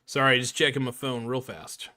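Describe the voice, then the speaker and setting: A man's voice: mid-range voice, steady tone, moderate pace, bright, forceful tone. Laid-back joking man streaming. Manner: laid-back, joking, rambling, swears casually. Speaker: live-stream host. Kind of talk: casual live-stream chat.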